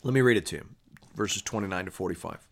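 A man's voice: sits low, lively intonation, quick pace, creaky, a bit bright. A man who pastors and teaches the Bible on a radio program. He reads scripture and explains it in a conversational way, often checking in with "right?" and restarting phrases. He lifts his voice sharply when he presses a point.

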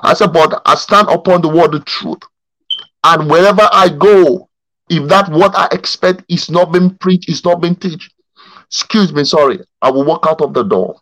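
High-voiced pastor telling a story. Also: male voice, moderate pace, no room sound, low-quality recording. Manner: animated storyteller who stumbles and repeats words. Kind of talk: Bible study teaching and storytelling. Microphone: video call.

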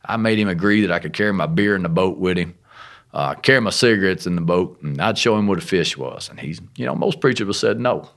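A man, a missionary guest, telling his testimony in a folksy, rough-spoken and animated way. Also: low voice, quick pace. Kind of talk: casual testimony storytelling.

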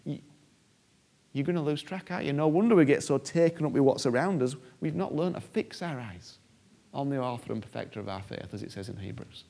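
A male preacher with a gravelly, creaky voice at an ordinary pitch. He preaches with emphasis, repeats key phrases and slips into acted-out prayers. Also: expressive, a little fast, dark tone. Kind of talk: sermon.

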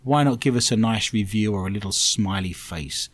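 A man's voice: lowish voice, moderate pace, fairly bright tone, dry recording. A man hosting a comedic radio show, cracking puns and reading out listener messages. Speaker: host.

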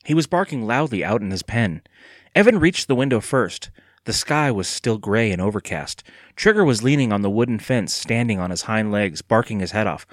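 Expressive male storybook narrator. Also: lowish voice, moderate pace, no echo, studio quality. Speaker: audiobook narrator. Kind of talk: scripted narration.

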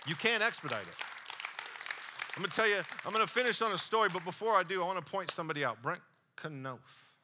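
A man preaches to his congregation in a very bright, ringing voice that sits a little high. He presses his points with rousing calls to the room. He also drops into easy, joking asides. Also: lively intonation, quick pace, a faint crowd, slight background noise. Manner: preaching with rising intensity, calling out to the congregation. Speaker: pastor. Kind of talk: sermon.

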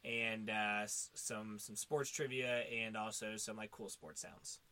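A man's voice: fairly low pitch, little pitch movement, a little slow, bright, forceful tone, slight background noise. Rambling profane male podcast host. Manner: rambling, profane, lots of fillers. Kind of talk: casual chat.

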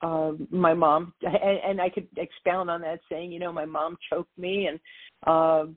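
A woman guest telling a lively story about her life in an interview, acting out the voices of others as she goes. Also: fairly low pitch, measured pace. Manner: animated storyteller, quotes voices. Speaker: author and guest. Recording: tinny phone line.

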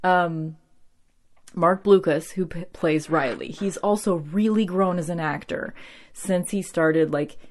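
A chatty woman in her late thirties, originally from the Midwest, talks through a TV show in a loose, rambling way. Her voice sits a little low, and she fills her sentences with "like" and little laughs. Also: slow. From American Midwest. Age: 30s. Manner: chatty, rambling, full of "like", giggles often. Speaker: TV show recapper. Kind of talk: casual chat.

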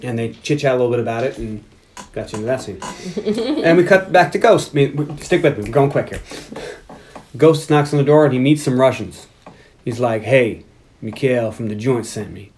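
A man in casual podcast chat, walking through a movie scene by scene with a lively, swooping voice. His pitch sits at an ordinary middle, but he jumps in and out of the characters' lines as he tells it. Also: brisk, pauses often, slight background noise. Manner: animated, acts out characters' lines while recapping. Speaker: podcast host.

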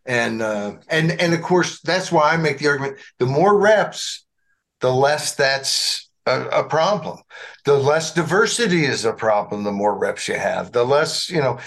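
A man's voice: mid-range voice, expressive, unhurried, fairly bright tone. A man with a slight Southern US accent co-hosting a casual political chat, rambling and restarting his phrases as he argues. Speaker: podcast co-host.

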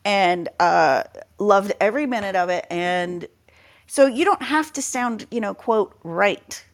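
Woman, casual chat, animated, playful, middle pitch. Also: measured pace. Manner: animated, playful, drops into silly voices. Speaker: tabletop game master, podcast panelist.

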